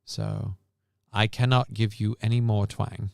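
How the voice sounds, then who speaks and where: A man's voice: lowish voice, fairly even intonation, a little slow, vocal fry, a little mellow, dry recording, studio quality. A man hosting a livestream news show in casual chat, rambling, sarcastic and profane.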